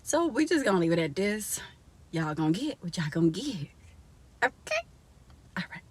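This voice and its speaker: A woman's voice: fairly low pitch, big pitch swings, a little fast, darkish tone, husky. Chatty young woman vlogging in a car. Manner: chatty, laughs often, addresses viewers as y'all. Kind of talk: casual chat to viewers. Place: inside a parked car.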